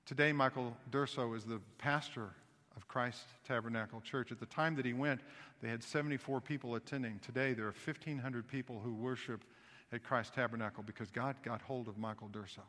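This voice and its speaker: A man from the American South with a Southern accent, preaching a sermon as pastor and telling a story with animated restarts. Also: medium pitch, a little fast, in a large hall. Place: church sanctuary.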